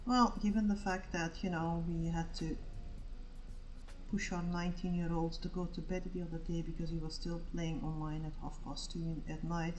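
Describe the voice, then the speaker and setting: Woman in her 40s rambling on an art stream, swears a lot, lowish voice, faint music behind. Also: flat delivery, normal speed, low-quality recording. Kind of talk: casual chat while painting.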